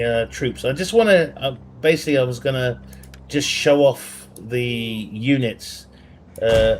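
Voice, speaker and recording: A man streams a strategy game from his bedroom. He talks slowly and rambles, reads viewer questions aloud, and laughs at his own jokes. Game music plays faintly underneath. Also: medium pitch. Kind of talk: casual livestream commentary. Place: home bedroom.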